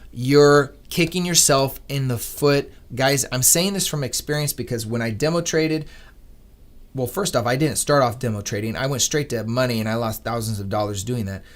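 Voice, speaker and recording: A man hosting a live trading stream, talking to viewers in an earnest, animated, motivational way. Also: medium pitch, normal speed. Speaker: day-trading livestream host. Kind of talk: casual livestream talk.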